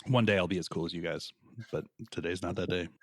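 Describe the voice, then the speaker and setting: A man with a very low voice chats at a tabletop game session. He trails off and restarts his sentences. The mic is dry and close. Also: steady tone, no echo. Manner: rambling, halting. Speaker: player. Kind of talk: casual chat at a gaming table.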